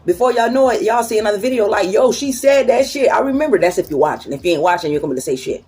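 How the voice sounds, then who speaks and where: Woman motivational vlogger, mid-pitched, blunt, cussing, repetitive, faint music behind. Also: expressive, racing, a little mellow. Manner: blunt, swearing, repeats herself, preachy; laughs between points. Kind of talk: casual motivational talk.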